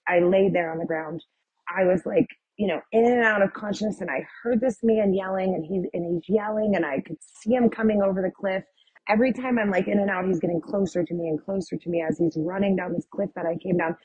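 A woman's voice: mid-range voice, a little fast, a little mellow, slightly rough, dry recording, muffled recording. A woman guest telling her personal testimony in a vivid retelling full of "like" and "um". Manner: vivid retelling, with many "like" and "um" fillers.

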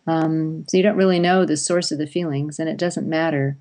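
A woman's voice: sits low, fairly even intonation, brisk, a little mellow. A woman, a parenting expert guest, explaining and telling stories in conversation, acting out parent and child lines. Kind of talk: conversational interview.

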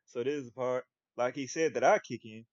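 A man's voice: fairly quick, dry recording. A young man co-hosting a podcast, telling a story in casual slangy chat and acting out the quotes. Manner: animated, acts out quotes with big pitch jumps, slangy. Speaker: podcast co-host. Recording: dull lo-fi podcast audio, dry.

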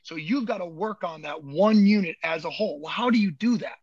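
A man's voice: sits high, brisk, darkish tone, breathy edge, no echo, dull audio. A man who works as a movement coach, talking in a casual podcast chat, emphatic and profane and repeating words as he gets fired up.

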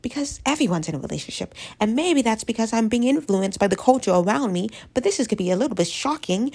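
Young woman, head cold, sniffly, gravelly fry, rambling jokey chat. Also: a little high, animated, quick pace, hardly any pauses, darkish tone. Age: young adult. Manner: rambling, self-deprecating, jokey. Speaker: vlogger. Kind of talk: casual confessional chat.

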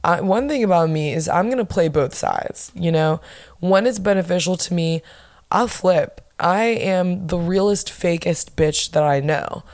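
A young woman hosting her own podcast, chatting casually and bluntly with lots of swearing and animated bursts of emphasis. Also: fairly low pitch, measured pace. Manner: blunt, profane, gossipy. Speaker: podcast host. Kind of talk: casual solo podcast chat.

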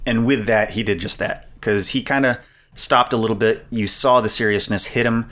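A man co-hosting a podcast, chatting casually about a movie and getting animated when retelling scenes. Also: fairly low pitch, moderate pace. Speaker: podcast co-host. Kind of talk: casual film discussion.

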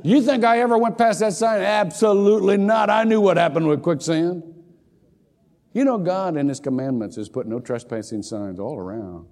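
A man's voice: high voice, moderate pace. An older man preaching a sermon as pastor, telling jokey stories with lots of repeated words. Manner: animated storytelling, jokey asides, repeats words. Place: church sanctuary. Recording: long hall reverb.

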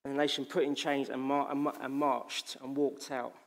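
A man's voice: mid-range voice, flat delivery, moderate pace. A man preaching a sermon in an impassioned, emphatic way, repeating phrases for weight.

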